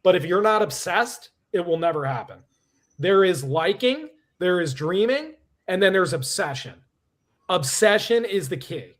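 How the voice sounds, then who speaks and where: A man with a noticeably high voice gives a motivational speech. He speaks emphatically and drives his points home by repeating them. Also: lively intonation, a little slow, fairly bright tone. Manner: emphatic, repeats key phrases.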